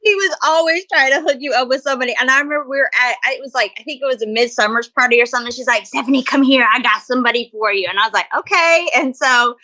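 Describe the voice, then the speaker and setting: A woman guest on a podcast, telling stories in a lively way and laughing often. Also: high-pitched, racing, few pauses. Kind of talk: casual podcast chat.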